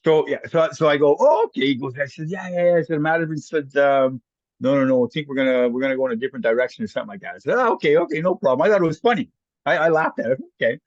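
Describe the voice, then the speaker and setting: A Canadian guest who used to play hockey tells animated, casual stories very fast in a mid-range voice, acting out the voices of people he quotes. There is no room sound, and the recording is muffled.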